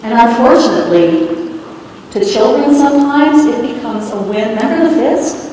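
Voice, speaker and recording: A middle-aged woman with a fairly high voice, giving a parenting talk to a live audience. She tells stories playfully and keeps putting questions to the room. Her voice comes from some distance and rings through a large, echoey hall with a faint background hum. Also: moderate pace. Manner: lively, playful storytelling with asides and questions to the room. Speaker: parenting speaker.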